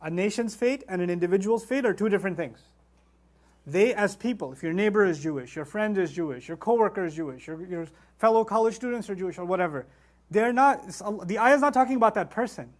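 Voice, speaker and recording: Guy giving a quran lecture, high voice, talks super fast, gets really animated. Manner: animated, rising to emphatic outbursts and acted quotes; recites Arabic verses rapidly. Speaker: Quran teacher.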